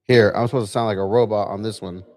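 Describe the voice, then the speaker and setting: A man's voice: lowish voice, fairly even intonation, quick pace, a little mellow, dry recording. A man hosting a casual livestream from a bar lounge, chatty and laid-back, testing his gear as he talks. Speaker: livestream host.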